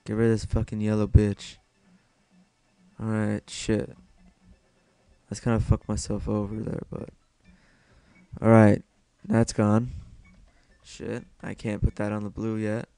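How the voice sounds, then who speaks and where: A man's voice: fairly low pitch, monotone, measured pace, gravelly, long pauses, mellow, clean tone, dry recording. A young man giving casual solo gameplay commentary, self-mocking and swearing a lot as he mutters to himself.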